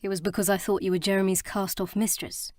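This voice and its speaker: A woman voicing a gruff, brooding male romantic hero in an audiobook, speaking low and soft. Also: level tone, fast, dry recording, clean studio sound, natural voice. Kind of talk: audiobook character reading.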